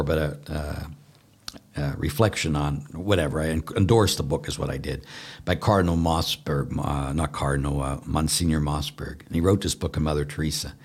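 A man speaking as a Catholic priest, giving conversational spiritual teaching in an earnest, animated way, repeating words for emphasis and laughing at himself. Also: rumbling low.

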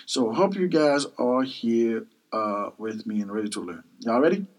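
A man hosting a podcast language lesson, repeating each word several times in a slow, animated way. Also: medium pitch, low-quality recording. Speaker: language teacher, podcast host. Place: Miami.

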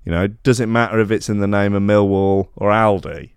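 A man's voice: fairly low pitch, steady tone, a little fast, clean tone, no echo. A man hosting a comedy podcast, rambling through sardonic asides and restarts. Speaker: podcast host. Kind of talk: casual comedic podcast monologue.

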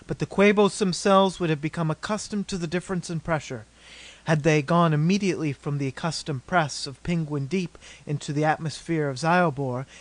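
Man, audiobook narrator, steady measured reading, fairly high voice, dry close recording. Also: dry recording.

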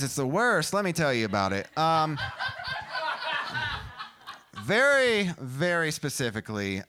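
Animated profane male stand-up comic. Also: medium pitch. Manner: animated, profane, rising to shouted punchlines. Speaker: stand-up comedian. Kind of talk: stand-up comedy set. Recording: noisy live club recording.

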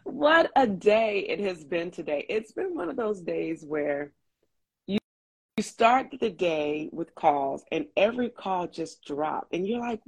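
A woman's voice: lowish voice, animated, unhurried, vocal fry. A woman hosting a live video chat, bubbly and chatty, welcoming guests and drawing out her greetings. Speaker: host. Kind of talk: casual live-stream chat.

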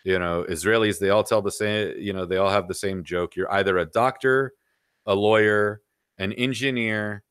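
A man's voice: fairly low pitch, steady tone, normal speed, a bit bright, clean tone, dry recording, studio quality. A middle-aged man talking bluntly and at length as a podcast guest, peppering his points with "you know". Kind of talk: casual opinionated chat.

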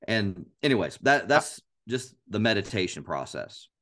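A man with a very deep voice co-hosting a casual Bible discussion. He speaks in an earnest, animated way and repeats phrases aloud to illustrate his points. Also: normal speed. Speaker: podcast co-host.

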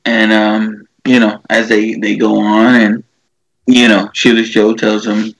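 Man, low gravelly voice, dry close sound; chatty co-host who rambles and restarts. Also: monotone, a little slow, no echo, low-quality recording. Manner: rambling, many fillers and restarts, acts out quotes. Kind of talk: casual chat, retelling a movie.

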